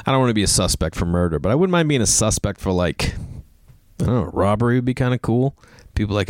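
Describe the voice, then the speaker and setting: Rambling through stories by himself, this podcast host, a man in his thirties, keeps things casual and acts out quotes by raising his voice. His lowish voice is expressive and fairly quick, captured in a dry recording.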